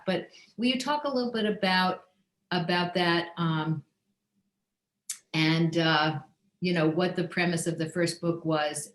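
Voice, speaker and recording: A woman hosting a book club interview over a video call, asking measured, prompting questions. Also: deep voice, roomy sound, poor audio.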